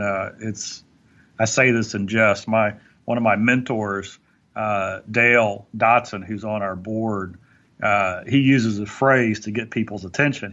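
A man's voice: lowish voice, sharp tone, dull audio. A man talking earnestly on a motivational podcast, stumbling into restarts as he makes his points. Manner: earnest, preachy, with many restarts. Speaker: podcast guest speaker.

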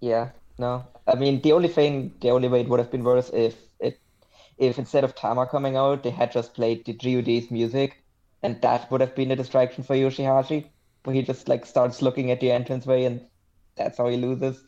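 Mellow-voiced man rambling on lo-fi audio. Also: mid-range voice, level tone, fairly quick. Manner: rambling, many fillers, sardonic. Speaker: podcast guest. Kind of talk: casual podcast chat.

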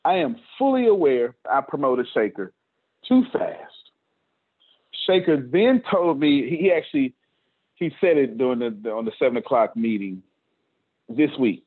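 A man with a husky voice speaks to his team over a video call, pressing his points home with casual slang and repetition. The sound is tinny and narrow, like a phone line, and his pitch sits in the middle range. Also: expressive, fairly quick. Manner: emphatic, repeats himself, casual slang. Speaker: business leader hosting a team meeting. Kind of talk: motivational talk on a video call.

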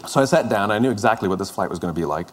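A man's voice: fairly low pitch, lively intonation, racing, heavy background noise. A middle-aged man telling a story in a conversational, self-deprecating way, often restarting his sentences. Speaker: speaker. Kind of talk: storytelling talk.

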